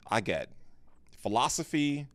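A man, a pastor co-hosting a podcast, telling a personal story in an earnest, animated way with frequent restarts. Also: mid-range voice, a little slow, no echo. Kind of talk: casual podcast conversation.

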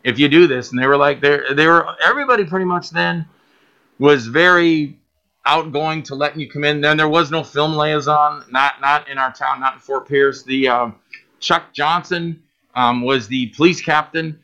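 A man guest on a podcast telling stories about his filmmaking, animated and acting out other people's voices. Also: fairly high pitch, moderate pace. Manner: animated, acts out quoted voices, laughs often. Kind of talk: casual storytelling interview.

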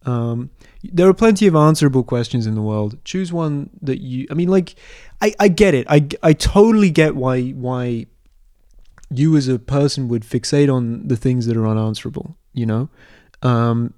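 Mellow-voiced young man, rambling. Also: mid-range voice, normal speed, dry recording, studio quality. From London, England. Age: 20s. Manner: rambling, hesitant, deadpan absurd humor. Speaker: podcast host. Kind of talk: casual solo podcast answering listener questions.

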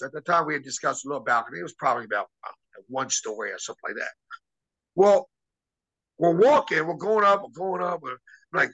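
Middle-aged guy telling old wrestling stories, bright voice, keeps restarting and doing the other guys' lines. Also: fairly high pitch, brisk, poor audio. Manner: animated, acts out quotes, many restarts and fillers. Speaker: former pro wrestler telling a story. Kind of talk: casual storytelling.

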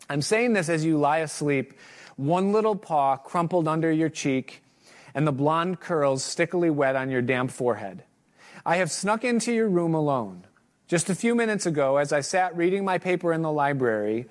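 A middle-aged man preaching a sermon and reading a piece aloud in an earnest way. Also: a little high. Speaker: pastor. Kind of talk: sermon with a read-aloud excerpt.

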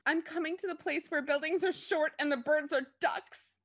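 A brash young businesswoman in a read-aloud story, as a woman narrator puts her on, pitched up above the narration and loud. She talks with theatrical, huffy indignation. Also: normal speed. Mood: tearful.

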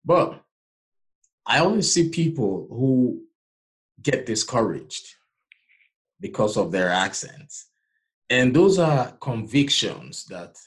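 A Nigerian-accented man hosts a motivational podcast. His pitch rises and falls with animated swings, and he delivers his points with emphatic, sermon-like encouragement. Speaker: podcast host.

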